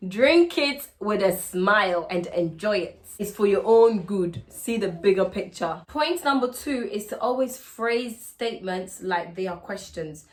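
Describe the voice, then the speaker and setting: A woman's voice: mid-range voice, lively intonation, unhurried, few pauses. A woman with a Ghanaian accent giving relationship advice in a playful, teasing way in a casual vlog. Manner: playful, teasing, acts out sweet-talking lines.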